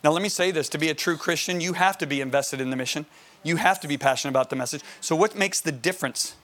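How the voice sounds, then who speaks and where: Animated bright-voiced male preacher. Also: on the high side, fast. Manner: animated preacher, emphatic, asks the crowd questions. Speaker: pastor. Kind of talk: sermon.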